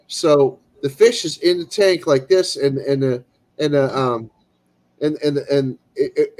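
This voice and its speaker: Animated man telling a story. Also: on the high side, poor audio. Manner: animated, acts out quoted people; rambling with restarts. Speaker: streamer. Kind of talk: casual storytelling.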